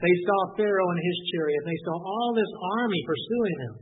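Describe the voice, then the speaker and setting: A man preaching an earnest sermon with a high voice, heard from a distance. The sound is thin and phone-like with a faint hiss behind him. He reads scripture and poses rhetorical questions to his listeners. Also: brisk. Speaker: pastor.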